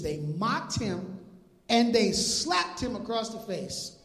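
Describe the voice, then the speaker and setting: A male pastor preaching an animated, joking sermon in casual slang, retelling scripture. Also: high-pitched, slow pace. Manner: animated, jokey, laughs at his own lines. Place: church sanctuary. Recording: echoey hall.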